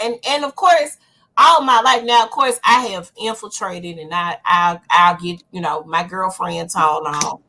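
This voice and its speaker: A woman's voice: fairly low pitch, measured pace, sharp tone. A woman from Memphis with a Southern accent, co-hosting a podcast in upbeat casual chat. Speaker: podcast co-host.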